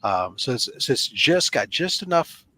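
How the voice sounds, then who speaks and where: A man's voice: medium pitch, sing-song, normal speed, pushed and bright. A man in casual chat, laid-back and rambling, swearing freely. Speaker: podcast co-host.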